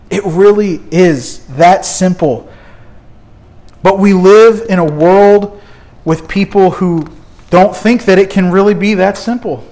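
A man's voice: sits high, a little slow, darkish tone. A man preaching a sermon as pastor, emphatic, asking the congregation rhetorical questions and repeating key words.

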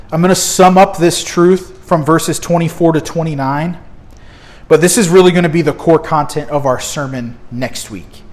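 Emphatic preaching pastor, fairly high-pitched man. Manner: emphatic preaching with rhetorical questions and repetition. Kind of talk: sermon.

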